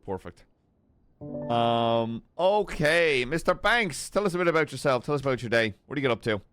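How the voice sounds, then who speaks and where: A man's voice: medium pitch, lively intonation, moderate pace, a bit bright, soft background music. A man in a casual gaming role-play, playing a blunt police lieutenant who swears often while interviewing applicants.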